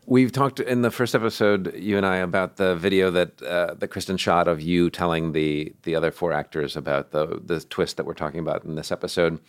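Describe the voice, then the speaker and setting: Low-voiced podcast host. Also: male voice, fairly even intonation, a little fast, hardly any pauses, clear, resonant tone, dry recording, studio quality. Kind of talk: casual interview chat.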